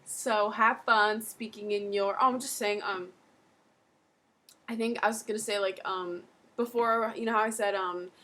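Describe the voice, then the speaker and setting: A woman's voice: medium pitch, steady tone, measured pace, pushed and bright, poor audio. Woman, casual webcam tutor, meandering delivery packed with fillers. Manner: rambling, lots of "like" and "um". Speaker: accent tutor.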